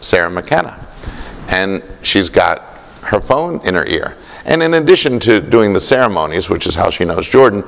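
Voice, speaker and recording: A man giving a keynote speech, telling a story with vivid detail and pauses. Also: sits low, creaky, a bit bright. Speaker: keynote speaker. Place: conference hall. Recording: long hall reverb.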